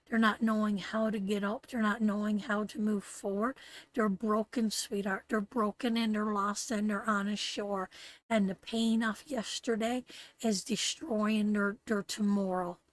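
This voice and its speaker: A woman with a Canadian accent giving a live tarot reading, talking slowly and tenderly, repeating phrases and getting emotional. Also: medium pitch, flat delivery, no room sound. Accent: Canadian English. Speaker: tarot reader.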